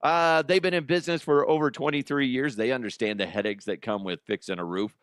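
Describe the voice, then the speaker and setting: A man's voice: mid-range voice, a little fast, fairly bright tone, clean tone, no echo, studio quality. A man hosting a comedic news podcast, talking in a loose, joking way with swearing and self-mockery. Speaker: podcast host.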